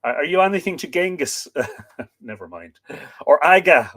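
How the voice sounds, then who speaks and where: A man's voice: a little high, lively intonation, normal speed, fairly bright tone. An Irish man hosting a livestream, casually reading out and answering viewer comments with many fillers. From Ireland. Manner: chatty, reads out names and greetings with frequent fillers. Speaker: livestream host. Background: dog barking at times.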